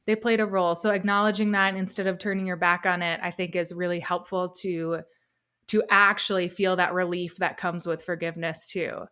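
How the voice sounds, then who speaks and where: A woman's voice: lowish voice, flat delivery, normal speed, bright, forceful tone, clear, resonant tone. A woman hosting a podcast, affirming what her guest says and asking thoughtful follow-up questions. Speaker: podcast host. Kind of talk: interviewing.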